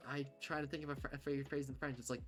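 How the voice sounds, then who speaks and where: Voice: medium pitch, flat delivery, fast talker, soft background music. A livestreamer chatting casually and bluntly, rambling with many fillers and restarts. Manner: rambling, full of "like" and "um", frequent restarts; candid, blunt, swears casually.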